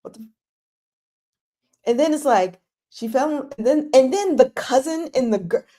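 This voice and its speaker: A young woman hosts a live chat about dramas, talking casually and animatedly, gushing one moment and exasperated the next as she acts out her own reactions. Her voice sits high at normal speed.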